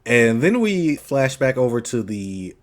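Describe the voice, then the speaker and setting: A man's voice: medium pitch, very animated, a little slow. A man co-hosting a casual podcast, animatedly recapping a story, acting out the characters' lines in funny voices, swearing and laughing along. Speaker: podcast co-host. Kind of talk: casual chat recapping an anime.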